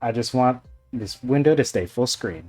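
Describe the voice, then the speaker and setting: A man's voice: mid-range voice, expressive, moderate pace, a little mellow. A man running a tabletop game as game master, talking in an easygoing, rambling way with plenty of fillers. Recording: faint background music.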